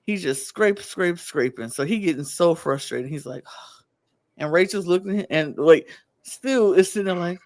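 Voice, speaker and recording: A man's voice: high-pitched, normal speed. A man co-hosting a podcast in casual chat, acting out quotes from the show. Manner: animated, acts out quotes from the show. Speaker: podcast co-host.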